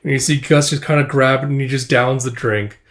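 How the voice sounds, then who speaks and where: A man's voice: medium pitch, fairly even intonation, brisk, fairly bright tone. Male comic recap host, casual, rambling narration. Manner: rambling, says "it's like" and "you see" often.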